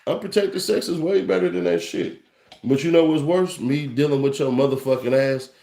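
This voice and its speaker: A man's voice: mid-range voice, animated, normal speed, mellow. A young adult man, ranting with profanity and mocking laughs as a commentary host. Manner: brash, mocking, laughs often. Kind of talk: profane rant to camera. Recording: echoey room.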